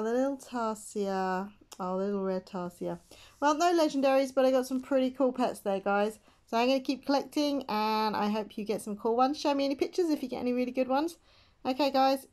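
A woman giving casual gameplay commentary, excitable and chatty, gasping and squealing as she talks to her viewers. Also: high voice, fairly quick. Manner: chatty, addresses viewers as guys. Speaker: gaming channel host.

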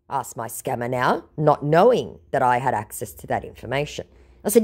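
Sarcastic woman with an animated voice. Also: rumbling low, fairly quick, slightly rough. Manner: sarcastic, mocking retelling. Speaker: scam-baiting content creator. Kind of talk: storytelling vlog.

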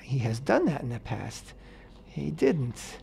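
A man on a radio talk show explaining a Bible passage in a casual, animated way, acting out the characters' words in paraphrase. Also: medium pitch, slow pace, vocal fry, slight background noise. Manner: animated, acts out quotes in paraphrase, many fillers. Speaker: radio host teaching the weekly Torah portion. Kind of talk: casual Torah discussion on radio.

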